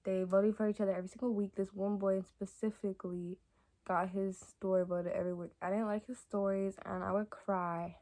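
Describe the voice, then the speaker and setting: A young woman talks straight to her viewers in a loose storytime ramble. Her voice sits at an ordinary middle pitch, and she keeps reaching for "like" and "y'all." Now and then she drops into soft, half-whispered asides. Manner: chatty and rambling, many fillers like "like" and "y'all". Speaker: vlogger. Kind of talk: casual storytime chat to camera.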